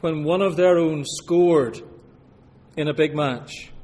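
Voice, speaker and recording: Slow, measured man preaching in a hall. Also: a little high, a little mellow. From Scotland. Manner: measured, earnest preaching with slow deliberate scripture reading. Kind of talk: sermon. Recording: long hall reverb, faint room ambience.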